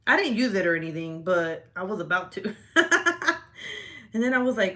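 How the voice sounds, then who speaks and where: A livestream host chats casually, laughing a lot and swearing freely as she reacts to comments. Her medium-pitched voice swings widely in pitch, moves at a moderate pace, and sounds pushed and bright.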